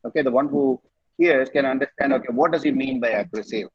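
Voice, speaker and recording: Fast, husky Tamil-accented male English teacher, online class. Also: mid-range voice, highs cut off. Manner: mixes Tamil with English, quizzes students, spells words out. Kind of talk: online vocabulary lesson. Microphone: video call.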